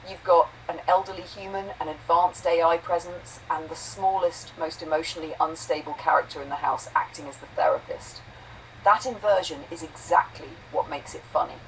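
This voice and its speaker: A woman's voice: on the low side, steady tone, normal speed, recorded from a distance, slight background noise, poor audio. A synthetic-sounding woman brainstorming comedy ideas in a conversational tone and reading quotation marks aloud. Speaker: AI conversation partner.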